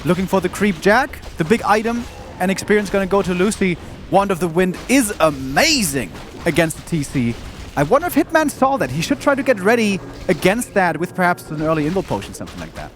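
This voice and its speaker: A man commentating a live strategy game match, calmly explaining play and tactics. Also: high-pitched, brisk, faint music behind. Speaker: esports commentator. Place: event studio.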